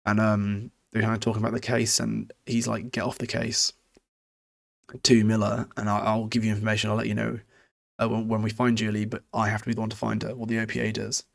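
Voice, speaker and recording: A man's voice: on the low side, completely flat delivery, brisk, creaky. A young British man casually recapping a book chapter for a podcast, rambling and swearing freely with frequent chuckles. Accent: British English.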